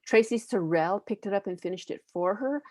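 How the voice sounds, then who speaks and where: A woman from the United States, a panelist and educator, presenting children's books in a reflective, earnest way, often pausing to find her words. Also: medium pitch, darkish tone, dry recording.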